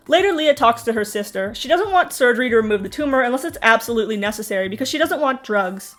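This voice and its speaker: A woman's voice: a little high, lively intonation, fast, hardly any pauses, a bit bright, soft background music. A young woman giving snarky, sarcastic recap commentary on a reality show, with mocking asides. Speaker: TV recap host.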